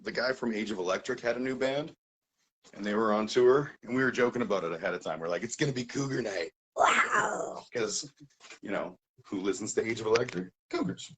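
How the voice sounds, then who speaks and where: A man hosting a casual chat, telling a story with lively swings between loud and quiet and frequent laughter. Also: lowish voice, fairly quick, a little hiss or hum, low-quality recording. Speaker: podcast host.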